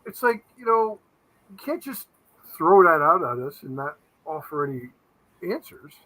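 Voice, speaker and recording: A man with a bright, forceful voice chats as a guest paranormal investigator. He tells blunt, skeptical stories. His pitch sits a little high. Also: big pitch swings, moderate pace, poor audio. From Connecticut, USA. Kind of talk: casual chat.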